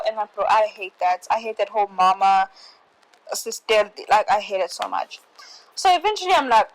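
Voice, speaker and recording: A woman's voice: on the high side, normal speed, low-quality recording. A young woman telling a story in casual chat, full of "like" and "bro" and exasperated asides. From South Africa. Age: young adult. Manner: chatty, peppered with "like" and "bro"; exasperated, animated retelling. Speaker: host.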